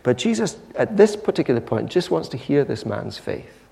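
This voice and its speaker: A man preaching a sermon, retelling a story with lively, dramatic storytelling. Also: medium pitch, normal speed, vocal fry, big-room sound. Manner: animated storytelling, acting out the scene.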